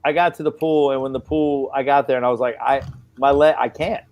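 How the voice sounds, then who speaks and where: A man hosting a casual chat, loose and rambling, with sentences that trail off. His pitch sits squarely in the middle of the male range. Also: steady tone, fairly quick, highs cut off. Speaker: host.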